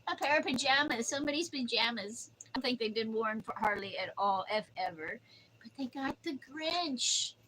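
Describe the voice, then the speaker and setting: A woman's voice: fairly high pitch, animated, normal speed, noisy background. An older woman chatting casually on her livestream, rambling through stories and cooing at her dog. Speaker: livestream host.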